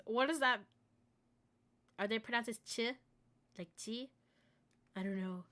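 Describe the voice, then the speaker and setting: Bright-voiced playful woman streamer. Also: a little high. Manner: playful, joking, laughs often, reads story text aloud. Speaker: game streamer. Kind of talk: live game stream, reading aloud.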